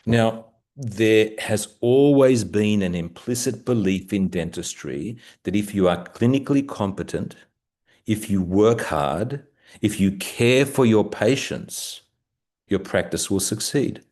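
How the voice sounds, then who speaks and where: An older man with an Australian accent, slightly croaky, presenting a business webinar over a video call in a measured, deliberate way. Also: lowish voice, lively intonation, a little mellow. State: croaky from the early hour. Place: home at night.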